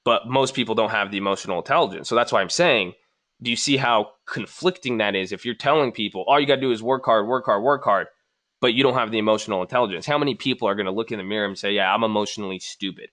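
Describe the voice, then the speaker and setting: A man in a casual response video, picking apart comments from viewers one by one. His voice sits slightly low, with a bright, forward edge that keeps every rebuttal pointed. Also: quick pace. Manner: argumentative, reads viewer comments aloud and rebuts them. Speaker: trading channel host responding to comments.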